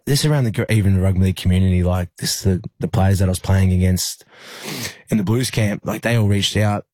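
Australian male athlete, interview guest, low husky voice, loose rambling delivery. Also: fast talker, warm tone, no echo. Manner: rambling, many fillers and restarts. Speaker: rugby league player, interview guest. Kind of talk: emotional personal recollection in an interview.

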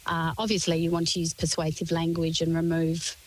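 A woman speaking as a guest expert on radio. She lays out her points calmly and clearly, one after another. Her voice sits a little low for a woman. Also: brisk, low-quality recording. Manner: composed, articulate explaining in lists. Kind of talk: radio interview.

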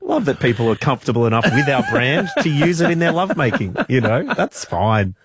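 A man with an Australian accent, co-hosting a casual breakfast radio show, playful and quick to laugh. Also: mid-range voice, husky, dry recording, studio quality. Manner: laughs often, playful and animated. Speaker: radio co-host.

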